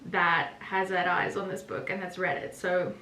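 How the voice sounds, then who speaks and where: A woman's voice: level tone, normal speed, sharp tone, distant mic. A woman from South Africa, an author, chatting casually in a rambling vlog and laughing often. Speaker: author vlogger. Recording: roomy echo, voice from off-mic, faint rumble.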